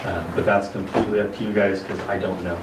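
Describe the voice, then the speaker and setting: A man calmly explaining on a reality show, measured and hesitant with frequent restarts. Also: sits low. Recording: roomy distant clip with noisy background.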